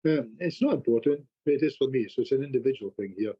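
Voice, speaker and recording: A man who works as a hypnotherapist, a guest telling animated stories in a podcast conversation, often restarting his sentences. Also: medium pitch, fast, slightly rough, muffled recording. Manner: animated anecdotes with repeated restarts.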